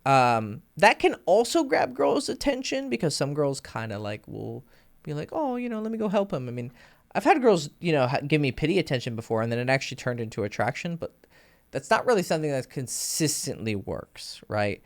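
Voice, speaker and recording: A man's voice: mid-range voice, big pitch swings, normal speed, gravelly. A young man casually coaching on dating and charisma. He swears freely and uses vocal sound effects. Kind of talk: casual advice monologue.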